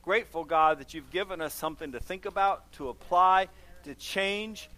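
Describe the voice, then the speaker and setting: A man's voice: high voice, moderate pace, sharp tone. A man who is a pastor, preaching emphatically and leading a closing prayer, repeating phrases for stress.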